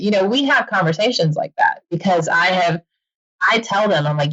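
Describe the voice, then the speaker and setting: A woman talking as a podcast guest in a casual, animated way, laughing often and acting out quick quoted asides. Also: on the low side, highs cut off. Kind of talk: casual interview chat.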